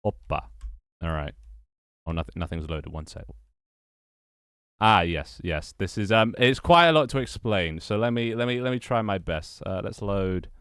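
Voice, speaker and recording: A man's voice: lowish voice, expressive, moderate pace, fairly bright tone, clean tone, no room sound, studio quality. A young man chatting casually on a livestream, rambling and repeating his phrases as he greets viewers. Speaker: streamer and game developer.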